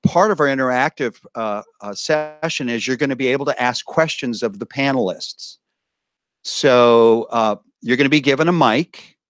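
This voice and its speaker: Male emcee, mid-range voice, peppy crowd warm-up on a handheld mic, dry sound. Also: medium pitch, dry recording. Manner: lively, coaxing the crowd to join in. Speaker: event emcee. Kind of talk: briefing a live audience. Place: conference room with a live audience.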